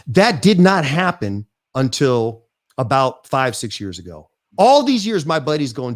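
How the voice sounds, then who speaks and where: Man in his fifties, fairly high voice, animated rambling storyteller, lots of restarts, casual interview guest. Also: moderate pace. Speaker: guest, real estate investor.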